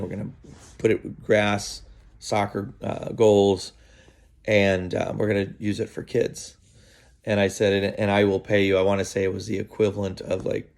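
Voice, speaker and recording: A man telling a story in a casual, halting way with many fillers, recorded outdoors in the early morning. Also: on the low side, darkish tone. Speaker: vlogger.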